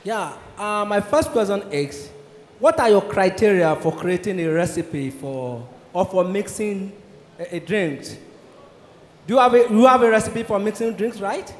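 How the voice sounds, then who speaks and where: A high-pitched man from Nigeria asks the guest a question from the audience, earnest and going back over his words. The sound is roomy, with a long hall tail and faint crowd behind. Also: animated, measured pace. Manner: earnest, repeats himself. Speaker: audience member asking a question. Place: large event hall.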